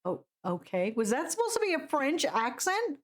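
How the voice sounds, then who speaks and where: A woman's voice: high-pitched, very animated, normal speed. A woman streaming a video game, chatting casually with her viewers and giggling often. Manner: chatty, giggly, greets chat. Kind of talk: live game commentary.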